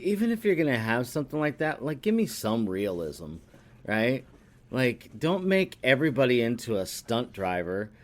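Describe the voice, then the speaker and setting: A man co-hosting a podcast, recapping a movie in a profane, rambling chat that swings from animated to muttering. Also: mid-range voice. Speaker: podcast co-host.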